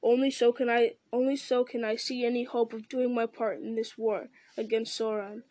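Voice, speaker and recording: A woman's voice: on the high side, little pitch movement, moderate pace, darkish tone, dry recording, lightly acted, poor audio. A woman reading as a stern, resolute lord. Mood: grave. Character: stern resolute male lord, grave and steady.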